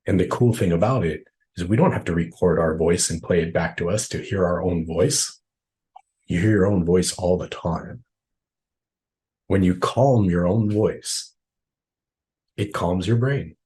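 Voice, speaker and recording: A man's voice: deep voice, a little slow, long pauses, mellow. A man trainer answering questions in a live online workshop, explaining conversationally and often checking in with "right?" over a video call.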